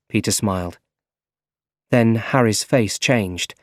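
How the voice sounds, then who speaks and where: A man narrating a story for English learners in a clear, measured reading. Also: on the low side, a little mellow, no room sound. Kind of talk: slow scripted story narration. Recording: dry close recording.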